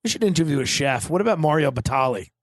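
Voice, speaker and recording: A man with a slightly raised pitch hosts a casual comedy podcast. He riffs in a crude, provocative way. The sound is dry and close to the mic. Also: lively intonation, fast talker, no echo. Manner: provocative, crude riffing with put-on voices. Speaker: podcast host.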